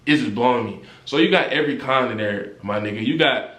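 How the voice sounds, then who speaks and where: Animated young man telling a story, echoey room. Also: medium pitch, a little fast. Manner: animated slangy storytelling, rising when indignant. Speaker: vlogger. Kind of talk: casual storytime.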